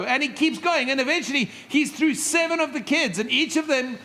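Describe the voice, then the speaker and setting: A middle-aged male pastor preaching a sermon, telling stories with lively asides and humor. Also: extremely high pitch, a little fast, hardly any pauses. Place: church stage.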